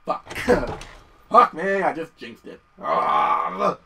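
A young man commentating his gameplay, excitable and profane, often yelling at the game. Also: a little high, takes it slowly, distant mic, a little hiss or hum. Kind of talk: let's play commentary.

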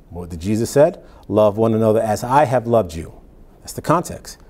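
Low, mellow-voiced man teaching scripture. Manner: reads scripture slowly, then explains in plain, conversational asides. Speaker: pastor. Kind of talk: Bible teaching sermon.

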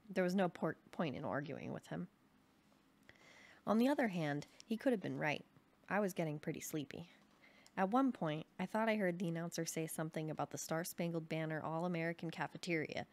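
A woman reading a children's novel aloud in a soft, sleepy bedtime manner, with small slips. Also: fairly low pitch. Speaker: audiobook reader.

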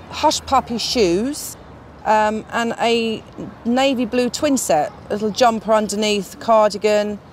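Woman recalling details in a halting list. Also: mid-range voice, a little mellow, a little hiss or hum. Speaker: interviewee. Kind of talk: reminiscing.

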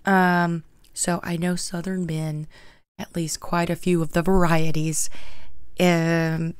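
A man's voice: high voice, little pitch movement, a little slow, pauses often, clear, resonant tone, dry recording. A middle-aged man hosting a reaction video, chatting casually about comedy from a home studio. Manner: chatty, laughs along with the clip. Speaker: reaction channel host. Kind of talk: casual commentary. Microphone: desk microphone.

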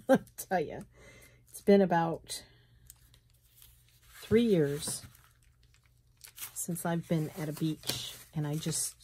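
A middle-aged woman with a slight Southern US lilt, chatting and thinking aloud as she works on a craft journal in her sunroom, with soft laughs. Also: low-pitched, slow pace, long pauses, slightly rough. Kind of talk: casual craft tutorial chat. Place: home sunroom, indoors.

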